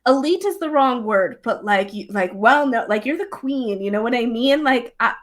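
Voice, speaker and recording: A young woman chatting casually as a guest, bubbly and excitable, with many fillers and frequent laughs. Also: a little high, normal speed. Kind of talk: casual chat. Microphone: streamed live remote talk.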